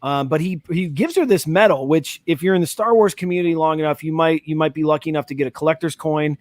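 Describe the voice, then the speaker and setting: A fairly high-voiced man hosts a casual live reaction chat, rambling eagerly with many fillers and restarts. His voice sounds dry and close to the mic, with no room around it. He comes across as an excited fan talking it through with friends. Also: fast, no room sound. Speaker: host.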